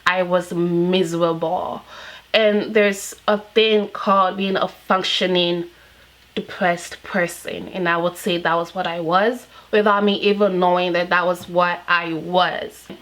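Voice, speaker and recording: A woman's voice: lowish voice, level tone, measured pace, a bit bright, poor audio. A young woman in her twenties from Nigeria, speaking candidly and emotionally in a personal vlog, with frequent fillers. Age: 20s. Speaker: vlogger.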